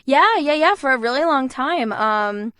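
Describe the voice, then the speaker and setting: A woman's voice: high-pitched, lively intonation, measured pace, a bit bright, dry recording. A young adult woman, a voice actor, telling stories in a casual interview and laughing often. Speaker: voice actor guest.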